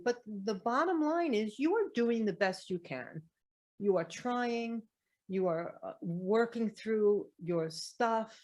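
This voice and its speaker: A woman's voice: mid-range voice, darkish tone. A middle-aged woman, a spiritual teacher and medium, giving an earnest talk to camera full of repeated rhetorical questions.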